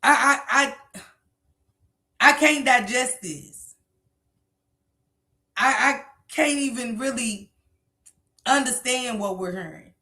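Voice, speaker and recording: Give me a blunt, profane woman in her forties hosting a commentary stream with a bright, sharp voice. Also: a little high, slow pace, pauses often. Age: 40s. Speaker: commentary livestream host. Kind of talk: reaction commentary.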